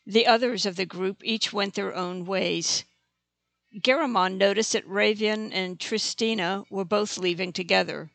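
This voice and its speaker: Audiobook narrator, steady plain reading, gravelly texture, dry close sound. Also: medium pitch, a little slow, no room sound. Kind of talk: scripted narration.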